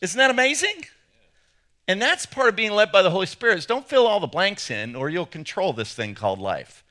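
A man's voice: high-pitched, very animated, fairly quick, bright, forceful tone. A man with an English accent, preaching an enthusiastic sermon with playful asides. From England. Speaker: pastor.

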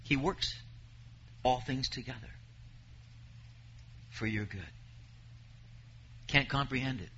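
A man's voice: medium pitch, takes it slowly, pauses often, pushed and bright, highs cut off, a little hiss or hum. A man preaching a sermon, reading scripture aloud and pressing his points with emphasis.

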